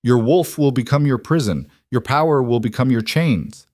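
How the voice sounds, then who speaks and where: A man voicing a grave, commanding alpha king in an audio storybook, speaking slowly and deliberately. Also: mid-range voice, darkish tone, no room sound, clean studio sound, pitched above the performer's own voice, lightly acted. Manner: slow, deliberate, ominous.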